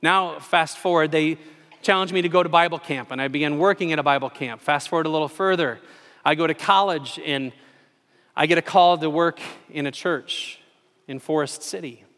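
A man in his forties preaching a sermon in a church, telling a personal story with animated, self-deprecating humor. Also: fairly high pitch, moderate pace. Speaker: pastor. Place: church sanctuary. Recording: long reverb of a large hall.

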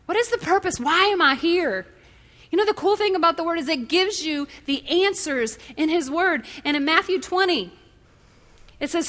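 Woman preacher, high ringing voice, lively storyteller. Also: moderate pace. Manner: animated, storytelling, impassioned. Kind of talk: sermon.

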